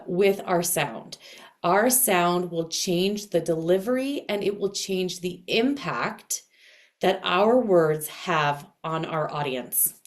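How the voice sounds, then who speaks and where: Unhurried woman with a dense, heavy voice. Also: lowish voice. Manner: expressive, with audible inflection. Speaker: astrology and voice coach. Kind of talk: casual teaching to camera.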